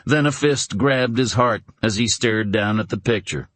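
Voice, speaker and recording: Deep-voiced man narrating an audiobook. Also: fairly bright tone, no echo. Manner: dramatic, measured storytelling. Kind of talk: scripted narration.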